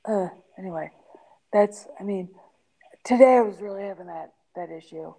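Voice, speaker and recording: A woman in her forties in casual podcast chat, emphatic with halting restarts. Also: mid-range voice, gravelly, warm tone, slight background noise, poor audio. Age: 40s.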